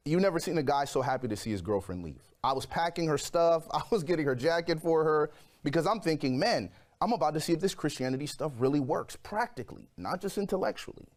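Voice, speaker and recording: A man in his forties, a guest telling his personal story in an interview, lively and acting out the voices of people in it. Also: fairly high pitch, quick pace. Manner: animated storyteller, acts out quoted voices.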